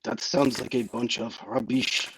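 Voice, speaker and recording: A man voicing a short, stocky Frenchman vampire hunter in a deliberately bad French accent, blunt and low. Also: fairly even intonation, background noise, close to an everyday voice. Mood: menacing. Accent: fake French accent, deliberately bad. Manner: blunt, menacing, low and clipped.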